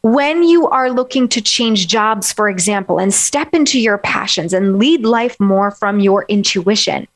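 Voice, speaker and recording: A woman life coach giving a gentle, encouraging self-help talk and guiding the listener through slow breaths. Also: medium pitch, expressive.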